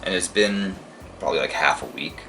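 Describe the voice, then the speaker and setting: A man's voice: low-pitched, brisk, pushed and bright, far from the mic, faint music behind. A tired, worn-out man hosting a let's play, rambling casually between reading game lines aloud. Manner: rambling, lots of fillers.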